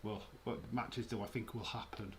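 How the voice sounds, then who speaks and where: A man hosting a livestream, giving relaxed, chatty commentary and reactions while watching a match. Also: lowish voice, moderate pace, background noise. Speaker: livestream host. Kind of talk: casual live match commentary.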